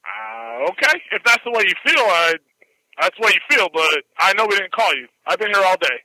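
A man at a restaurant argues over the phone, staying calm but firm and repeating himself. His voice is very bright and high, and it comes through dry and close. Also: a little fast, no room sound, poor audio. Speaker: restaurant employee answering the phone. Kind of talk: phone argument. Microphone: telephone line.

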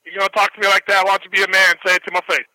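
A man working at a restaurant, answering the phone and pushing back calmly but firmly. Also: sits high, rapid-fire, dry recording, rough recording. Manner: calm but firm, repeats himself to push back. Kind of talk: phone argument. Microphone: telephone line.

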